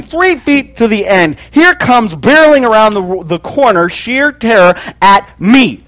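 A man telling a humorous personal story to an audience in an animated, exaggerated comic manner, building toward a lesson. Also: very high-pitched.

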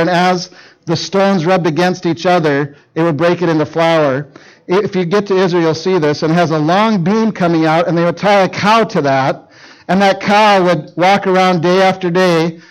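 A man preaching to teenagers, telling a Bible story in a jokey, animated way and acting out the characters in quick voices. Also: high-pitched, rough recording. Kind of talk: youth sermon storytelling.

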